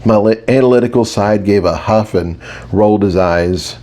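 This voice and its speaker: A man's voice: lowish voice, moderate pace, dark tone. A man narrating a fantasy audiobook in the first person, wry and conversational.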